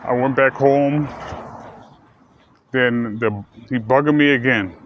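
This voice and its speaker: A man telling a personal story in a halting way, with many fillers, restarts and repeated words. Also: medium pitch, a little hiss or hum. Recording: dull, dry lo-fi sound.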